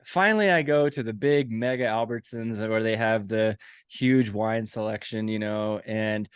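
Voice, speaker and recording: A man's voice: on the low side, moderate pace, clear, resonant tone, no room sound. Forties guy hosting a podcast, rambles and pokes fun at himself, super dry close sound. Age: 40s. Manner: rambling, self-mocking storyteller. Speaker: podcast host. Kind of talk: casual podcast chat.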